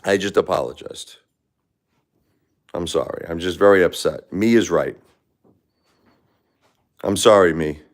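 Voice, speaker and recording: A middle-aged man with a low, deep voice talks on a casual livestream and reacts to viewer comments. He is grieving and raw, murmuring soft condolences one moment and raising his voice in anger the next. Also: a little slow, long pauses. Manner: emotional, swings from quiet sympathy to loud angry outbursts. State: grieving and upset. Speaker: livestream host.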